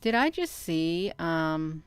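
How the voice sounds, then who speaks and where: A woman vlogger giving casual commentary on her own video, rambling and halting with many fillers and restarts, and talking straight to her viewers. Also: sits low, big pitch swings, clear, resonant tone, no room sound. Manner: talks straight to viewers as "you all". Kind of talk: casual commentary while showing her own sky footage.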